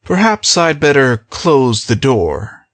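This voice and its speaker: A woman puts on a secretive young gentleman who coaxes and urges in a lowered voice for this audiobook. He talks very slowly and evenly, pressing each point. The recording is close and dry. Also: big pitch swings, no echo, full character voice. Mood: coaxing. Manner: low, slow, urging delivery. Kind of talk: audiobook character voice.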